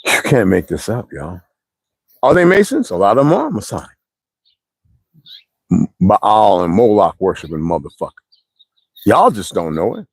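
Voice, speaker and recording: A man's voice: lowish voice, very animated, normal speed, long pauses, slightly rough, no room sound. A man, telling rambling stories in a blunt, profane monologue to his viewers, heavy with slang. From United States. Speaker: streamer ranting to viewers.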